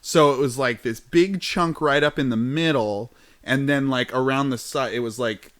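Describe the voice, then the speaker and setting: A man's voice: medium pitch, moderate pace, a bit bright. A man co-hosting a podcast, rambling through a story in casual chat and laughing often. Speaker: podcast co-host.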